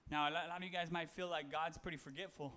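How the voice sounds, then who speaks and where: A man's voice: fairly high pitch, steady tone, racing, sharp tone. A man giving a casual, conversational sermon, reading Bible verses and talking them through with fillers and self-corrections. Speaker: preacher.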